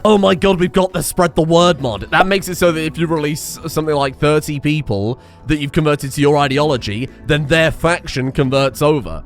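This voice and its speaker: A man giving excitable, sarcastic commentary over a game, scolding the characters as he plays. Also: fairly high pitch. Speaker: streamer.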